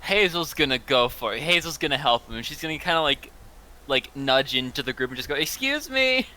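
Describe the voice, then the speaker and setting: A man playing a character in a tabletop role-playing game, animated and quick to laugh. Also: medium pitch. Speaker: player. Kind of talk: casual tabletop play.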